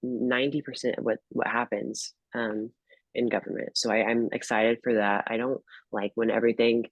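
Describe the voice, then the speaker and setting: A man's voice: mid-range voice, little pitch movement, moderate pace, dry recording, poor audio. A young man, a guest tarot reader, chatting casually and hesitantly, full of fillers and restarts. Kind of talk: casual chat.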